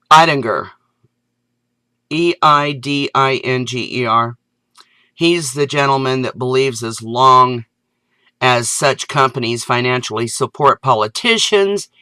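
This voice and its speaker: A woman vlogger delivering an indignant, sarcastic rant that climbs into loud exasperation. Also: a bass voice, no room sound. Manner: sarcastic asides. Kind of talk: ranting video commentary.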